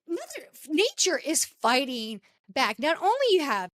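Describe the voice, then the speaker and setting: A woman hosting a podcast, telling stories in a casual, animated way with frequent exclamations. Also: high-pitched, measured pace, no echo. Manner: animated storytelling, exclaiming often. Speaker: podcast host.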